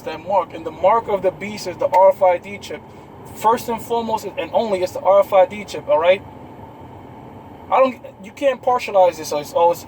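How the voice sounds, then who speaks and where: A man's voice: high-pitched, a little mellow, slight background noise, poor audio. A man hosting a live online show, preaching about prophecy in an emphatic, authoritative rant, often tagging sentences with "man" and "all right" and swearing freely.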